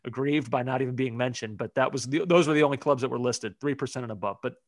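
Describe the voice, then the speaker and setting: A man's voice: mid-range voice, quick pace, no room sound, studio quality. Man hosting a football podcast. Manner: conversational, leads the segment. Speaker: podcast host. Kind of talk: casual chat, sports discussion.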